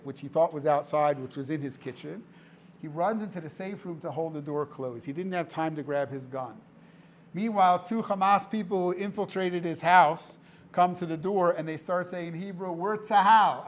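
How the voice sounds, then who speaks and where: There's slight background noise as this man, voice on the high side, addresses a live audience in an indoor room. A charity director invited as a guest speaker, he tells his story emphatically and dramatically, echoing phrases for effect.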